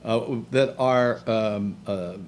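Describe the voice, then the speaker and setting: A man's voice: fairly low pitch, slow, a little hiss or hum. A man hosting a heated political chat, pressing his point with repeated questions. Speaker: host.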